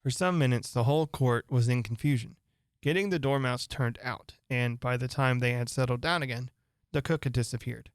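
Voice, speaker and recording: A man's voice: medium pitch, normal speed, no room sound, clean studio sound. Man reading a storybook aloud. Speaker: host and reader. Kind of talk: storybook narration.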